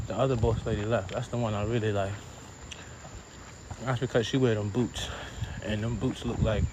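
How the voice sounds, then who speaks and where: A man rambling and joking crudely to his live viewers while walking along a road and eating. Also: medium pitch. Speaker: livestreamer. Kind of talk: casual rambling live stream. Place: outdoors on a road. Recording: loud outdoor street noise with traffic and insects.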